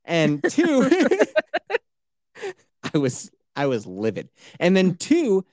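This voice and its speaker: A man's voice: fairly high pitch, takes it slowly, no echo. Cussing guy ranting on a podcast, voice bouncing all over, dry close sound. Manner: profane, animated ranting storyteller. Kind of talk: casual podcast chat.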